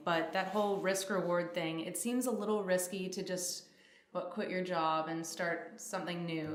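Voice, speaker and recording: A young woman hosting a podcast interview, asking questions in a relaxed, curious way. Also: lowish voice, echoey room. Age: young adult. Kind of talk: casual interview chat.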